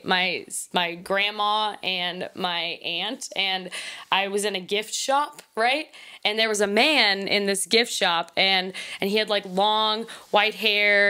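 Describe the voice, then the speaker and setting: A woman's voice: mid-range voice, pushed and bright, clean tone. A woman co-host telling a ghost story in a casual chat over a video call, with lots of fillers, acting out the voices in her story. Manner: chatty, many fillers, acts out voices in the story. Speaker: podcast co-host.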